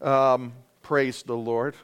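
A man's voice: medium pitch, flat delivery, slow, fairly bright tone, smooth, dull audio. A male pastor preaching an expository sermon in a conversational way, often checking in with "right?" and correcting himself as he goes. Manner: conversational, repeats "right?" to the congregation; self-correcting, with fillers.

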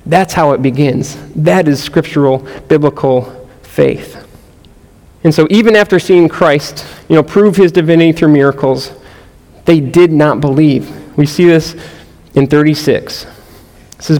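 A man's voice: fairly high pitch, a little slow, darkish tone, in a large hall, rough recording. A pastor giving a conversational sermon, earnest and explanatory, often restarting his phrases. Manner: earnest, conversational, frequent restarts and "you know".

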